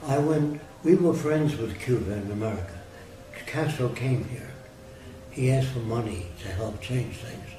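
A man's voice: medium pitch, unhurried, background noise. A man telling a story in a casual, blunt, plain-spoken way, answering an interviewer. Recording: roomy, distant mic with music underneath.

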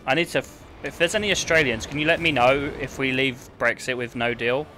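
A young man with a British accent chats with his viewers while he plays, reading their comments aloud and joking back. His voice is bright and forward, even though he's feeling sick. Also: mid-range voice, brisk, slight background noise. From United Kingdom. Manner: joking, banter with chat, reads comments aloud. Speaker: streamer. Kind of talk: casual live-stream chat while gaming.

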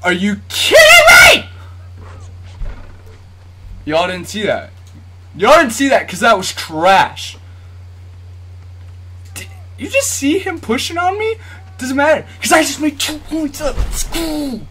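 A man's voice: very high voice, very animated, measured pace, long pauses, a bit bright. A man giving casual commentary on a basketball video game as he plays, talking straight to his viewers, jumping between yelps and nervous muttering. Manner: talks straight to viewers, asks for likes. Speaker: YouTube gamer.

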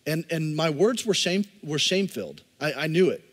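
Impassioned pastor preaching in a big hall. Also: male voice, fairly high pitch, lively intonation, moderate pace. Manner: impassioned preaching that swings from loud emphasis to soft, intimate asides. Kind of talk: sermon. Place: church sanctuary.

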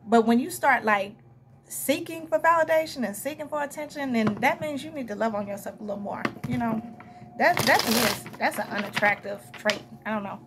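A woman's voice: a little high, background noise. Chatty Southern woman reading tarot. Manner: chatty, rambling, with frequent asides and quick laughs. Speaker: tarot reader. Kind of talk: casual tarot reading monologue.

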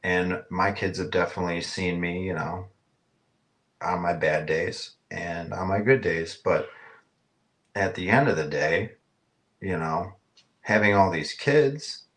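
A man's voice: low-pitched, unhurried, pauses often, a bit bright. A man who works as a carpenter, a guest on a casual podcast, talking reflectively with fillers and profane jokes.

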